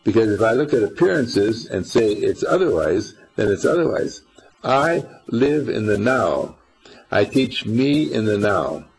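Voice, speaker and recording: An older spiritual teacher talks informally to a small group, folksy and rambling, quizzing his listeners as he goes. His fairly low voice is very animated yet unhurried. The recording is low quality.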